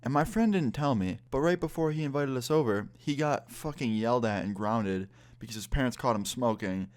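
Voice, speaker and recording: A man of about twenty, a vlogger telling a story in casual storytime style, swearing freely and retelling it in a lively way. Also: medium pitch, fairly quick.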